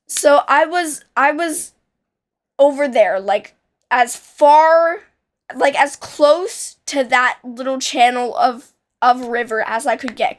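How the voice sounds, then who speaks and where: A young woman telling a childhood story in a casual, rambling way, with many restarts and fillers. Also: sits high.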